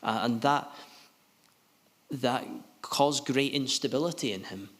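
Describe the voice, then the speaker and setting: A man preaching a sermon in an earnest, halting way, often restarting his sentences. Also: medium pitch, a bit bright. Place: gospel hall. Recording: long hall reverb.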